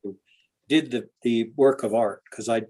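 A pastor with a husky, slightly breathy voice recounts stories from his life in an earnest, anecdotal way. He sits at a middle pitch for a man, and his telling runs on with small restarts and laughs. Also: moderate pace, a little mellow. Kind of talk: storytelling in an interview.

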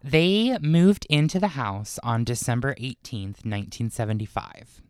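A man's voice: mid-range voice, expressive, a little slow, darkish tone, smooth, no echo. Man telling a story in a dry room. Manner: narrates from prepared notes with chatty asides. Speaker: podcast co-host telling the story. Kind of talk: casual storytelling chat.

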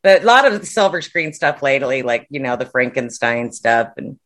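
Relaxed woman in casual podcast chat. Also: very deep voice, brisk.

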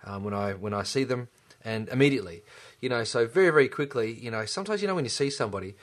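A man's voice: medium pitch, expressive, quick pace. An enthusiastic middle-aged man, a chiropractor talking casually as podcast co-host, with lots of restarts. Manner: enthusiastic, chatty, many restarts. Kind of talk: casual chat.

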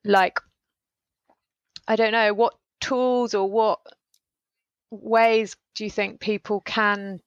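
A woman's voice: medium pitch, fairly even intonation, slow pace, pauses often, no echo, lo-fi sound. A woman co-hosting a podcast, talking casually in a thoughtful, hesitant way as she searches for words. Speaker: podcast co-host. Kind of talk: casual chat.

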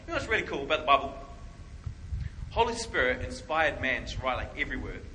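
Male preacher, bright forceful voice, animated storyteller who acts out quotes. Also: medium pitch, slight background noise, rough recording. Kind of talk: sermon.

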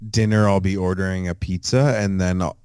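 A male podcast co-host with a very deep voice talks in a laid-back, profane way. The sound is dry and close to the mic, with no room behind him. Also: fairly even intonation, fairly quick, darkish tone, clear, resonant tone, no echo. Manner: profane, laid-back banter with sports betting picks. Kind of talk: casual chat.

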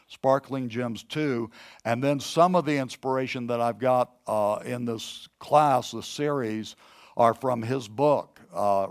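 A middle-aged man with a gravelly, creaky voice at an ordinary pitch gives a sermon. He moves from teaching into a personal story and keeps it loose and conversational, stopping and restarting often. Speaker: preacher teaching a class.

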